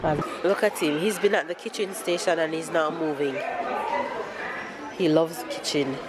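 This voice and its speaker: A woman's voice: low voice, steady tone, normal speed, over a noisy crowd, very noisy. A woman in her thirties with a Jamaican accent, vlogging in a store, emotional and tearful as she talks. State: teary, crying at times. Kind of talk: casual vlog talk to camera. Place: busy store, indoors.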